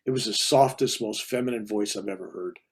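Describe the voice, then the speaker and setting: A man's voice: lowish voice, a little fast, slightly rough. An older man, a reverend, telling a spiritual story in a casual, rambling way. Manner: rambling, casual, with restarts and asides. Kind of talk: conversational storytelling.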